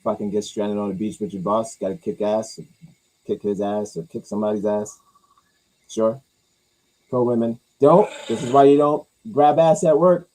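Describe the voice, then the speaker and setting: A man hosting a casual talk, rambling through movie news with crude jokes and mumbled low asides. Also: moderate pace, warm tone, poor audio. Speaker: host reacting to movie news. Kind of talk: casual chat.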